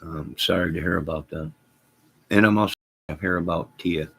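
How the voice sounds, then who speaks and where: A middle-aged man hosting a casual livestream, reading viewer comments aloud, rambling and joking deadpan with sudden loud outbursts. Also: brisk. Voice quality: gravelly, husky low voice.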